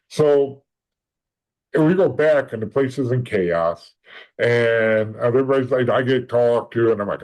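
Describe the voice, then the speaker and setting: A man's voice: mid-range voice, animated, a little slow, darkish tone, rough recording. A man, a podcast guest, telling a long first-hand story in casual conversation, rambling with restarts and acting out the lines of the people in it. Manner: rambling, acts out quoted dialogue, frequent restarts.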